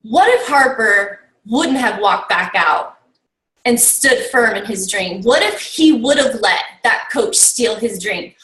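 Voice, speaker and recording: A woman with a high, bright voice gives her team a motivational talk. She takes her time and keeps asking rhetorical questions, peppering her talk with "like" and "okay?". She sounds roomy and set back from the mic. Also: animated, slow pace, recorded from a distance. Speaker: team coach recapping a summit.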